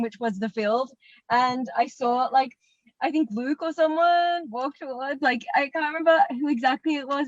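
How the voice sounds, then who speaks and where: A woman's voice: high-pitched, dry recording, highs cut off. A young woman, an actor guest, telling a funny story with a playful, giggly manner in a casual interview.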